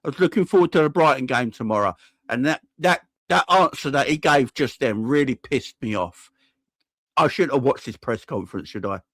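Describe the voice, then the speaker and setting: A man's voice: medium pitch, expressive, moderate pace, a bit bright, no echo. A man hosting a live-stream football fan channel, ranting heatedly, swearing and talking to his chat.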